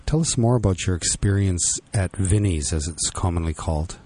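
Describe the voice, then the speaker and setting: A man hosting a radio interview, asking his guest prepared questions in a measured, deliberate way. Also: deep voice, mellow, no echo.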